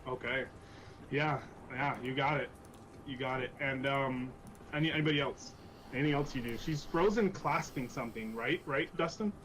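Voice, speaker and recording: A man narrating as game master of a tabletop game, halting and repeating words as he goes. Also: medium pitch, fairly bright tone, slight background noise, low-quality recording.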